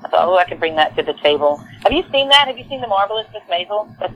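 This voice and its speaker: A Southern-accented lead singer from Texas, USA, talks very fast in a mid-range voice during a casual guest interview, animated and full of fillers and restarts. Crowd noise sits behind her on a rough recording.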